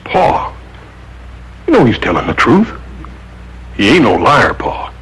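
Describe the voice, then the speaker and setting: An actor playing a big, easygoing young ranch son with a folksy, slangy way of talking. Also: male voice, medium pitch, huge pitch swings, slow, fairly bright tone, heavily acted, poor audio. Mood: earnest.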